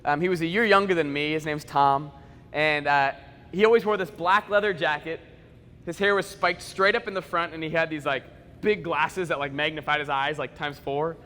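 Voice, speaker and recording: A man in his twenties, a motivational speaker, telling stories at a school assembly in an animated, conversational way with comic asides. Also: on the high side, moderate pace. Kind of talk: school assembly keynote storytelling. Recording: echoey school hall reverb.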